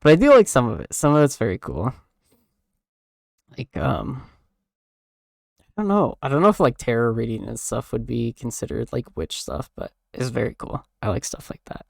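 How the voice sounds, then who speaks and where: A young man chats on a stream in a loose, rambling way, leaning on fillers and tossing in casual swearing. His mid-range voice has a gravelly fry. The sound is dry and close. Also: medium pitch, very animated, moderate pace, pauses often, darkish tone, dry recording.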